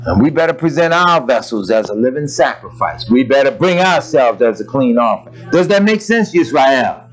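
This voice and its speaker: A man's voice: mid-range voice, normal speed, low-quality recording. A man preaching a sermon in an informal, conversational way, talking straight to the congregation and acting out quotes. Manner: lively preaching with loose asides and acted-out quotes; colloquial, talks to the congregation directly.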